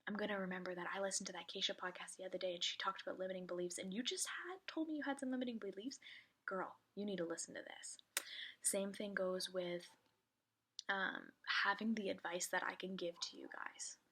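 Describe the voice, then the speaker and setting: A woman's voice: medium pitch, a little fast, a bit bright, husky. A woman giving a chatty, direct pep talk as a business coach. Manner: chatty, direct, encouraging, lots of "like". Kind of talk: casual motivational talk to camera.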